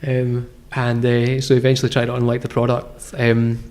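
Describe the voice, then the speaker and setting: A man's voice: medium pitch, completely flat delivery, brisk, darkish tone. A man, a guest founder telling his story in a casual interview, rambling with lots of fillers and restarts. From Scotland. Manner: rambling, filler-heavy, self-correcting.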